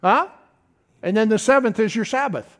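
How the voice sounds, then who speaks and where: Middle-aged pastor guy, pretty high voice, folksy sermon full of asides. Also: moderate pace. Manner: folksy, animated preaching with rhetorical asides.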